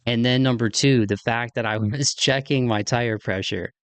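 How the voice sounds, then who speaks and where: A man's voice: mid-range voice, steady tone, normal speed, clear, resonant tone, dry recording. A man hosting his podcast from his kitchen, telling a story in a rambling, chatty way full of fillers. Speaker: podcast host. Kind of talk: casual solo monologue. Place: home kitchen.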